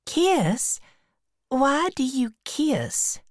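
A woman voicing a shy, coy young girl in a storybook reading, with a high, light voice. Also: very animated, extremely slow, no room sound, clean studio sound, full character voice. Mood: curious.

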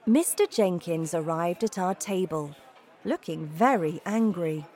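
Slow, expressive woman reading a story. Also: fairly low pitch. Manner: slow, lively intonation. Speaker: narrator.

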